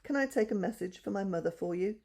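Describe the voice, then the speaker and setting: Sensible boy, plain and steady, read by a woman. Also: mid-range voice, fast talker, creaky. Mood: eager. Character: sensible older boy, the big brother.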